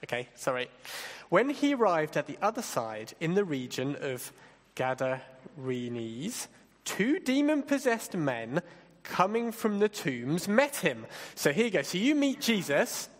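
A man leading an interactive Bible talk, playful and directing volunteers with quick asides. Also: on the high side, very animated, big-room sound. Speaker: church leader giving a talk.

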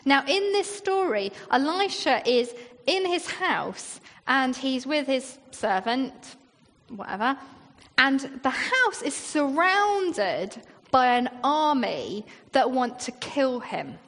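A woman's voice: high-pitched, very animated, slow, a bit bright. A woman, a church leader preaching a sermon in a chatty way, full of rhetorical questions and acted-out quotes. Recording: long reverb in a hall.

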